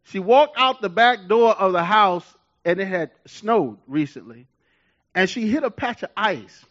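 Guy pastor preaching, kinda high voice, laughs a lot, dull lo-fi sound. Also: unhurried. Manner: animated preaching with laughs and repetitions. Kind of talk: sermon.

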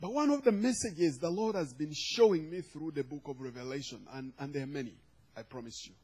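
A man's voice: fairly high pitch, lively intonation, a little fast, darkish tone, breathy edge. A man preaching a sermon, telling a humorous story and acting out the quoted lines. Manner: storytelling with acted quotes and laughter.

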